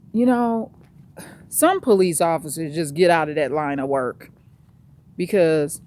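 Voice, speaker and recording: A woman's voice: lowish voice, a little mellow. A woman vlogging on a walk outdoors, ranting bluntly with plenty of cursing. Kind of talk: casual vlog monologue.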